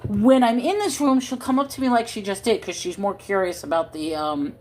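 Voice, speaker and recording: A woman's voice: medium pitch, fairly quick, darkish tone. Chatty woman livestreaming from home. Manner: rambling, chatty, talks to viewers and her cat. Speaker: livestream host. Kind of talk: casual livestream chat. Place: her home. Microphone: phone.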